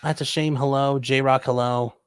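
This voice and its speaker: A man's voice: medium pitch, little pitch movement, moderate pace, smooth, no room sound. A man from Ohio hosting a livestream, casually reading viewer comments aloud and answering them with dry jokes. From Ohio, USA. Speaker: livestream host reading chat. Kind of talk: casual chat.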